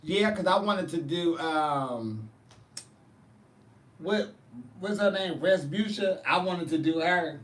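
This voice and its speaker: A man who performs in drag and hosts shows, chatting casually with viewers and telling lively, profane stories. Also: fairly high pitch, takes it slowly, pauses often, echoey room, far from the mic. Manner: animated, profane storytelling. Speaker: drag performer and show host. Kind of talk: casual chat answering viewers.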